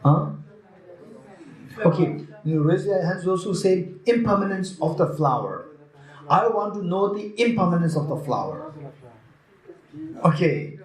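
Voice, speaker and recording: A man's voice: high voice, expressive, a little slow, pauses often. A man teaching at a retreat, who keeps questioning and teasing his students and repeats key phrases. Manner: repeats phrases, quizzes and teases the audience. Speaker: Buddhist teacher. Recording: echoey room.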